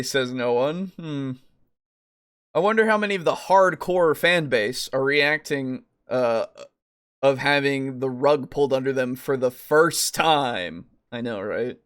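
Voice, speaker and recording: This podcast co-host's voice is medium in pitch, unhurried, fairly bright and clean. Exasperated and swearing often, they rant through a casual discussion, reading out comments and quotes along the way.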